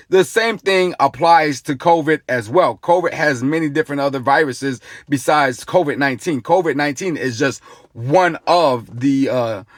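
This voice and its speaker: A man's voice: on the high side, fairly bright tone, dry recording, studio quality. A man vlogging his opinions on the news in a casual, repetitive way, often calling his viewers "you guys" and getting emphatic when worked up. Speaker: political commentary vlogger.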